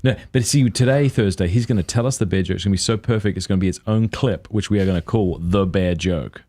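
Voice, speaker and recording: A man's voice: lowish voice, quick pace, mellow. A man hosting a podcast, chatting casually and teasing his guest. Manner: joking, teasing. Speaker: podcast host. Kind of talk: casual chat.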